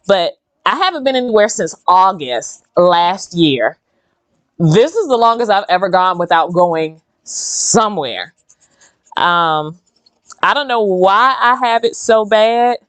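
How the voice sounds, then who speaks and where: A woman's voice: medium pitch, no room sound. A woman, hosting a casual, rambling chat while she does her own nails. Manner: chatty, rambling and animated. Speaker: host.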